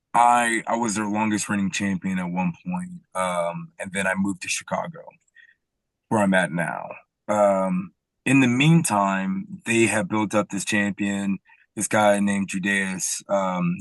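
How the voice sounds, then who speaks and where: Deep, slow man, hesitant. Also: fairly even intonation, dry recording. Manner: hesitant, many fillers. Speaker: podcast guest, wrestler. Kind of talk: casual chat.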